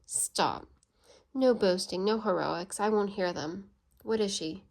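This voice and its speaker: A woman with a gravelly, mid-range voice reads a storybook slowly, voicing a blunt, proud, sarcastic English gentleman who scolds.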